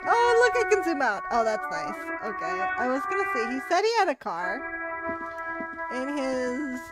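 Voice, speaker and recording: A woman's voice: high voice, sing-song, moderate pace, over loud music. Giggly young woman streaming a game. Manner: giggly, casual, swears. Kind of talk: casual game stream commentary.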